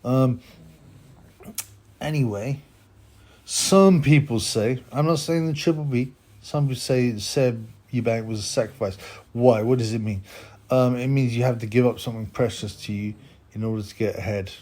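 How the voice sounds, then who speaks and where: A man's voice: medium pitch, moderate pace, darkish tone. A man hosting a boxing channel, giving a rambling, opinionated commentary monologue full of asides and tags like "huh?" and "man".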